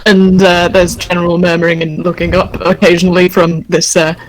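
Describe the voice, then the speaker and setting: A woman's voice: lowish voice, flat delivery, fairly quick, rough recording. A woman playing in a tabletop game, describing her character's moves in a playful way. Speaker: player. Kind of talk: tabletop role-play.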